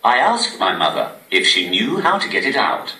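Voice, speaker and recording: A man doing stand-up comedy through a text-to-speech device, with a posh synthetic voice and deadpan delivery. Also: mid-range voice, moderate pace. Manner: deadpan, evenly paced machine delivery. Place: cinema venue on stage before a laughing audience. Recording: echoey room, distant mic, loud noise.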